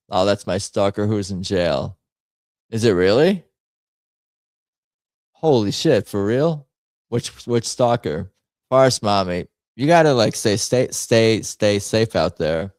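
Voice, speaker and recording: Low-voiced man rambling on a stream. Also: dry recording. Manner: rambling, thinks out loud, lively jokey asides. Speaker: livestream host. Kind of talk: casual chat reacting to memes and viewer comments.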